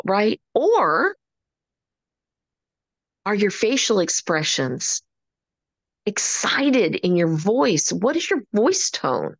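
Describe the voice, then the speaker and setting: A woman's voice: on the low side, extremely slow, pauses often, no echo. Woman, motivational speaker, upbeat and emphatic, dry close sound. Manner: energetic, animated, preacher-like emphasis. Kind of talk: motivational talk on a call.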